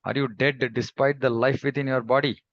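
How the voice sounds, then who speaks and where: A man's voice: on the low side, fairly even intonation, a little fast, vocal fry, muffled recording. A man voicing an angry, proud king who scolds his carrier in a commanding tone, read aloud within a scripture class. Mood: scolding.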